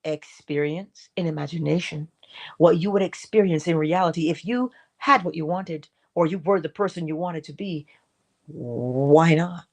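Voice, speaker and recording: A middle-aged woman hosting a morning inspiration talk, exhorting listeners with repetition and dramatic asides. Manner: expressive, swings between high acted asides and low soft remarks; repeats and exhorts, drawn-out emphasis. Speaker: host of a morning inspiration stream. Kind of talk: spiritual motivational talk.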